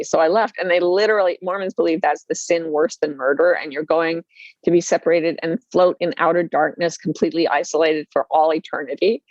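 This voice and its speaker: A woman, an author and life coach, telling personal stories with lively, self-deprecating humor and acting out the voices she quotes. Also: on the low side, fairly quick, no room sound, highs cut off. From Utah, USA. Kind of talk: candid storytelling interview.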